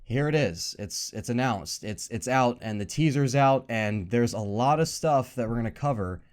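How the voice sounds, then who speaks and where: A man's voice: medium pitch, animated, normal speed. Laid-back male podcast host. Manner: laid-back, loose talk with fillers. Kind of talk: casual podcast chat.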